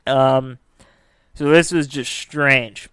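Podcast host, male, chatty narrator with a resonant voice in a dead-quiet room. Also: mid-range voice, steady tone, drawn-out words, clean tone, dry recording. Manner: chatty, lots of filler "like". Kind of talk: casual storytelling.

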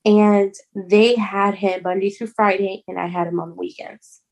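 A young woman who is a mother, telling a personal story in an earnest, halting way, often restarting words. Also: mid-range voice, steady tone. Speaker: guest.

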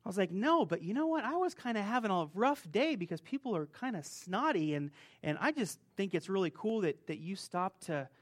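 A man's voice: sits high, a little fast. A man preaching a conversational sermon, telling a personal story and acting out the people in it. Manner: conversational, animated storytelling, acts out rude clerks. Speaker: pastor.

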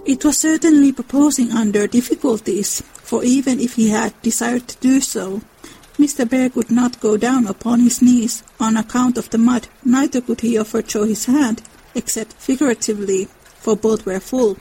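A woman narrating a classic novel as a dramatic reading, expressive and measured. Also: a little high, husky, poor audio. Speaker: reader.

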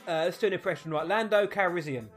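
Teasing young host, slightly high voice. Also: male voice, fast talker, soft background music. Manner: teasing, giggly. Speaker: podcast host. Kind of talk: casual chat, hosting a game.

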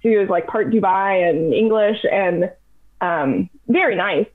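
A woman's voice: mid-range voice, measured pace. Chatty woman telling a story over tinny audio. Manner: chatty, animated, heavy use of "like". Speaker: podcast guest. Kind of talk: casual storytelling.

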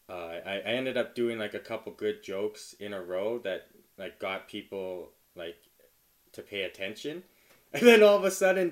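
Brief: casual comedian guy, filler-heavy, laughs through his story, dips quiet then bursts loud. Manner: laughs often, many "like" fillers, swings from low mumble to loud excited retelling. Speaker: stand-up comedian.

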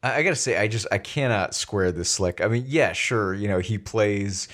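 A man's voice: fairly low pitch, normal speed, a bit bright. A man co-hosting a casual film chat, arguing his points and laughing between them. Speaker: podcast co-host.

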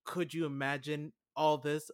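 A man's voice: fairly high pitch, little pitch movement, a little slow, heavy background noise. A man in a casual film chat, rambling and saying "like" a lot as he animatedly retells scenes. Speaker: podcast co-host.

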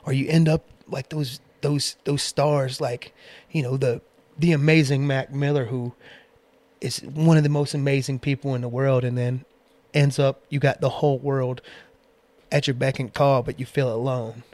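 Excitable young man telling stories. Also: medium pitch, moderate pace, dry recording. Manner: rambling, excitable, lots of fillers and restarts. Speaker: musician guest. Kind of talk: casual podcast storytelling.

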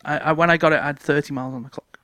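A man with a high voice tells a funny story on a casual podcast, laughing often as he goes. The recording is dry and close, with no room sound. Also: fairly even intonation, very fast, pushed and bright, no room sound. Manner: laughs often while telling stories. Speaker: podcast co-host.

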